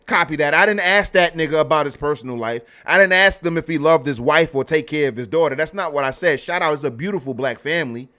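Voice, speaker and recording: High-voiced man ranting on a stream. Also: fast, hardly any pauses. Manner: profane, heated and animated, with loud bursts. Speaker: livestream host. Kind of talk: ranting livestream commentary.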